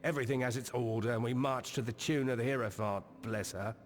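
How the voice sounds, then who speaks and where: An actor playing a gruff male quartermaster at a traveler camp, speaking curtly. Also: medium pitch, fast, natural voice.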